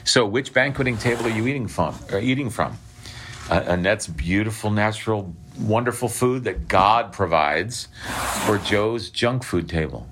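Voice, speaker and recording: A man with a deep, low voice preaches in a relaxed, chatty way to a small group, often pausing to ask "okay?" and restarting his sentences. A faint hiss sits under the recording. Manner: conversational preaching with restarts and frequent "okay?" checks. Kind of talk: sermon.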